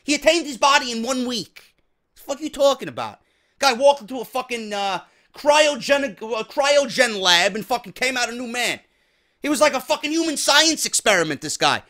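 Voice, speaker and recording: A man delivers an exasperated, profanity-laced rant as a show host. His voice sits high and cuts with a sharp, bright edge. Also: animated, normal speed. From New York. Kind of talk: ranting commentary.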